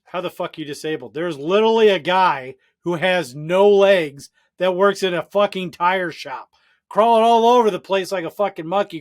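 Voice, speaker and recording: A man co-hosting a podcast, ranting bluntly in casual political chat and swearing freely. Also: a little high. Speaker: podcast co-host.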